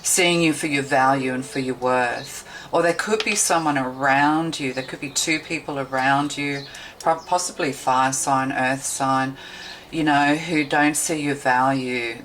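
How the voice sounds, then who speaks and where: A woman's voice: extremely low pitch, fairly even intonation, a little slow, a bit bright, slight background noise, rough recording. A woman tarot reader giving a meandering, intuitive card reading, thinking aloud with many fillers.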